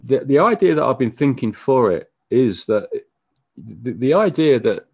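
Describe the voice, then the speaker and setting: A man being interviewed as a musician, talking casually in a halting way with frequent stammered restarts. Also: medium pitch, sing-song, vocal fry, a little mellow, husky, dry recording. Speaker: musician guest.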